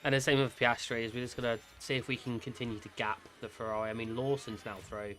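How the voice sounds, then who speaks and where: A man narrating his racing management game playthrough in a mid-pitched voice, talking his drivers through every move. Game music sits faintly behind him. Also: flat delivery, fast, fairly bright tone. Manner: chatty, cheers drivers on. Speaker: gaming creator. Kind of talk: excitable gameplay commentary.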